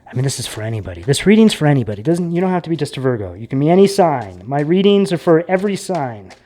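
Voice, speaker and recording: Casual tarot reader, chats loosely to camera, lots of "like" and "right?", mid-pitched voice, drifts into quiet asides. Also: very animated, quick pace. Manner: chatty and rambling, with many fillers and tag questions.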